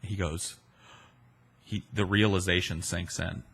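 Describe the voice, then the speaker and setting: A man's voice: fairly low pitch, normal speed, sharp tone. A man in his forties, a podcast host, telling stories and answering listener questions in a rambling, profane, self-deprecating way. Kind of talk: casual storytelling chat.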